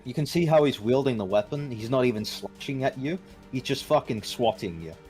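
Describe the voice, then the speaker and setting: A man's voice: medium pitch, expressive, fairly quick, darkish tone, soft background music. A man narrating as game master of a tabletop game, casual and profane, with frequent "uh" fillers.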